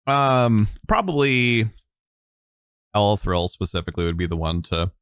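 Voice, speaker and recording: A man's voice: lowish voice, expressive, a little slow, fairly bright tone, smooth, no room sound, clean studio sound. A man narrating a tabletop game as game master, rambling with many fillers.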